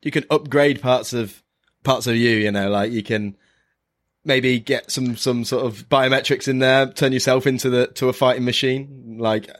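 A man's voice: mid-range voice, steady tone, moderate pace. A man co-hosting a podcast in casual chat, talking in a hesitant, rambling way. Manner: chatty, hesitant, full of restarts. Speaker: podcast co-host.

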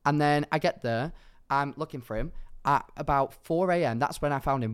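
A young man from England, smooth-voiced and fairly high in pitch, speaks at a moderate pace as a podcast co-host. He tells a story with lots of animation in casual chat, voicing what others said.

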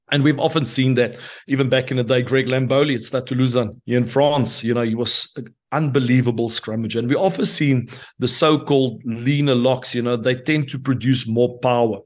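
Middle-aged South African man, ex-prop guest, lively storyteller who acts out the voices. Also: mid-range voice. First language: Afrikaans. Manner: animated storyteller, acts out quotes, laughs often. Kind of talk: casual podcast chat.

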